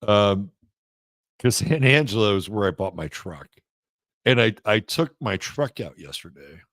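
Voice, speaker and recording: Male show host, deep voice, dry close sound, loose unscripted delivery with frequent pauses and restarts. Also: lively intonation, fairly bright tone, no echo. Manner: halting, many fillers and restarts. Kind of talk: casual spoken monologue.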